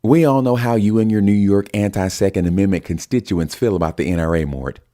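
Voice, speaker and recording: A man's voice: fairly low pitch, fairly quick, warm tone, pitched above the performer's own voice, lightly acted. A man doing a sneering Southern lady pundit. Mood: combative. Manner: combative, sneering. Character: brash female conservative pundit.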